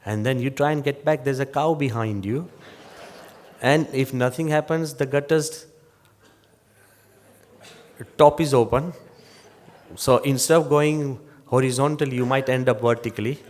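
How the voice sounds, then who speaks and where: An older man delivers a motivational sermon in a mid-pitched voice, moving easily between wry jokes and earnest advice. His voice rings with the long reverb of a large hall. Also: normal speed. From England. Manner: lively storyteller with wry humor. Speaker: monk giving a motivational talk. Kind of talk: motivational sermon with humorous stories.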